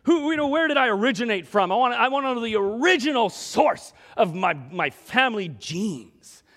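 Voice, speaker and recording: A man preaching a sermon, his voice sitting high and swooping up and down with animation. He swings between emphatic outbursts and quiet asides as he works through scripture. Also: very animated, normal speed. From Scotland. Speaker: pastor.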